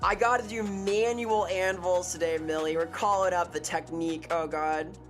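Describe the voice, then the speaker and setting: A woman streamer talking casually to her live chat, quick to get excited and swearing freely. Her voice sits on the lower side for a woman. Faint music plays behind her.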